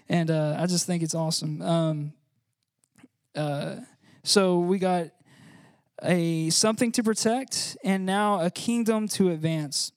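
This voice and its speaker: Man, high voice, dry close sound, informal sermon, laughs often. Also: fairly even intonation, a little slow, darkish tone, smooth, no echo. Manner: chatty, laughs often, many fillers. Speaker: church speaker.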